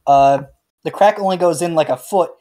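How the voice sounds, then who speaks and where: A man serves as game master for a tabletop game, narrating haltingly with plenty of fillers. His voice is fairly high and mellow.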